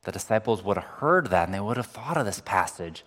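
Male pastor, sermon, earnest conversational preaching, lowish voice, long hall reverb. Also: expressive, quick pace, fairly bright tone. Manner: earnest, conversational preaching with rising emphasis on scripture.

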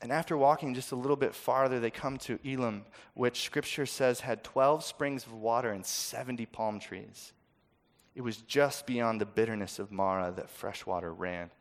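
A man preaching a sermon, swinging from loud, dramatic quoting to soft, intimate asides. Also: mid-range voice, normal speed.

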